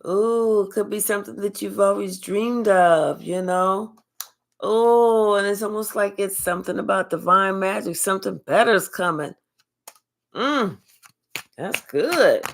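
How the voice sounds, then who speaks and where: An older woman hosting a live spiritual reading stream, chatting casually and thanking viewers by name in a relaxed, affectionate way. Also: mid-range voice, a little slow.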